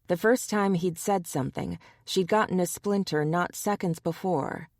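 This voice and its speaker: Woman audiobook narrator, low voice, dry close mic, measured. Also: darkish tone, no room sound.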